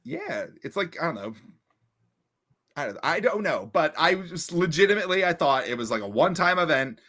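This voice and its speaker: This bright-voiced young podcast co-host from Long Island, New York, spins casual, lively stories at a moderate pace. He animates them by imitating friends' voices with big pitch leaps, and he's recorded over a remote podcast call.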